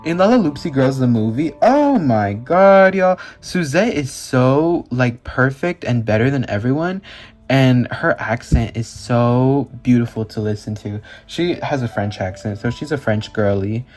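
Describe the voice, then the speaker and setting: A man talking in a casual vlog, gushing and excitable, full of filler words and casual swearing. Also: medium pitch, a little slow, faint music behind. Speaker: doll collector and reviewer.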